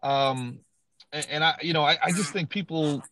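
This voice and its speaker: A man's voice: a little high, moderate pace, rough recording. A man from Brooklyn with a New York accent, a comedian hosting a casual podcast chat, emphatic and full of "bro" and "dude". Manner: animated, emphatic, swears, says bro and dude a lot. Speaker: comedian host.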